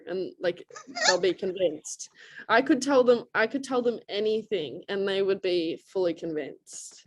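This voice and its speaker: A woman's voice: mid-range voice, moderate pace. A young Australian woman with an Australian accent, a college lacrosse player answering casual interview questions over a video call, chatty, laughing often and full of "like" fillers. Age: young adult.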